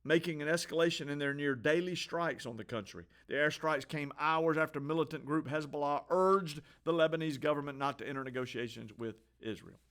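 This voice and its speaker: A man's voice: on the high side, fairly quick, few pauses, a bit bright. A man hosting a daily headlines show, reading the news in an offhand, opinionated way with frequent restarts. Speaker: host. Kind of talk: casual news commentary.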